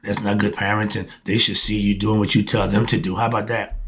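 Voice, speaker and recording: A man's voice: on the low side, little pitch movement, fairly quick, a bit bright. A man giving a casual spiritual monologue to camera, preachy and colloquial, asking and answering his own rhetorical questions. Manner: colloquial, often cuts himself off with 'moving on'. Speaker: self-styled philosophy teacher.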